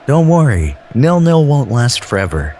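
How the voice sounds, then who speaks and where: Smooth-voiced man calling a match. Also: mid-range voice, sing-song, normal speed, darkish tone, slight background noise. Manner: smooth radio-announcer delivery; playful, mock-suave. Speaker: football commentator. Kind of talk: amateur sports commentary.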